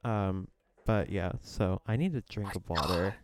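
A man's voice: sits low, unhurried, a crowd in the background. A man co-hosting a casual hangout podcast, rambling with lots of "like" and restarts and laughing often. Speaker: podcast co-host. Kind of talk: casual chat.

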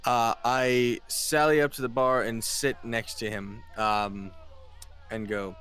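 A man's voice: mid-range voice, flat delivery, takes it slowly, fairly bright tone, clean tone, soft background music. A man playing a pious character in a tabletop game, formal in character and stammering out of it. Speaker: player.

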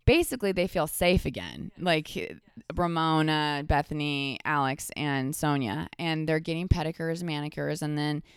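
A woman's voice: low-pitched, moderate pace, clean tone, no room sound, clean studio sound. A woman guesting on a podcast, telling stories casually and animatedly with lots of "like" fillers. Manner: animated storytelling, many "like" fillers. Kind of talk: casual chat.

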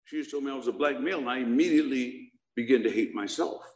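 Fast-talking and medium-pitched with a darkish tone, a middle-aged man jokes with a live audience and asks them questions while recounting his recovery in a humorous way. The echoey room colors the sound.

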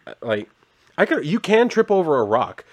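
A man casually recapping a comic issue, rambling and sarcastic, with frequent swearing and flatly read character lines. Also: on the high side, normal speed. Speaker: comic book reviewer.

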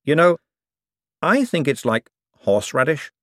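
A man reading an audiobook, voicing a brisk, outspoken young woman with a quick, wry delivery. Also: very deep voice, very animated, dry recording, clean studio sound, pitched above the performer's own voice, full character voice.

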